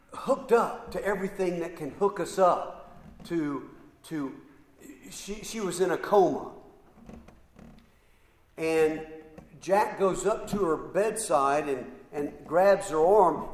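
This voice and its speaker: A middle-aged man tells a sermon story at an unhurried, halting pace, stacking one clause on the next. His voice sits a little high. It rings through a large, echoing hall with a long tail of reverb. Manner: slow, halting storyteller with repeated ands and pauses. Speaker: preacher.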